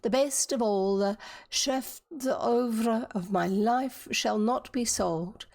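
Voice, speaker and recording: A frail old clockmaker grandfather speaks slowly and tenderly to his granddaughter, read in a woman's own voice with a New Zealand accent. The tone is earnest, with gravel underneath. It sounds like a storybook read aloud. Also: a little high. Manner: slow, gentle, earnest.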